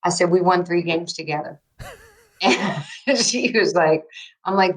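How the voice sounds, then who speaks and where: A woman in her sixties, from New York with a faint accent, telling lively stories as a podcast interview guest. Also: lowish voice, a little slow, pauses often, poor audio. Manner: lively anecdotal storyteller with fillers. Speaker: guest, basketball coach.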